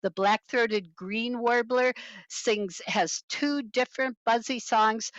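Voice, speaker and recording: A woman with a fairly high-pitched voice speaks slowly, with no room sound, giving an online birding talk from home on a video call while wearing headphones. Between points she sings bird-song mnemonics, imitating the calls, and the audio is dull lo-fi video call quality.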